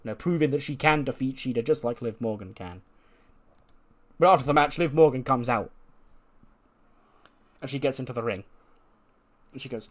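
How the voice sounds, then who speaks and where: Casual swearing man recapping. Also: medium pitch. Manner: swears freely and reads out characters' lines in quick retelling. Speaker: podcast host recapping a wrestling game playthrough. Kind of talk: casual chat.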